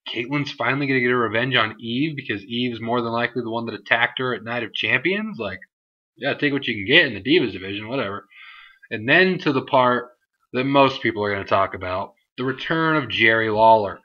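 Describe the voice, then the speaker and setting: A man's voice: medium pitch, fairly quick, muffled recording. A young man reviewing a wrestling show in a casual vlog, rambling with many fillers and mocking put-on voices for the people he quotes.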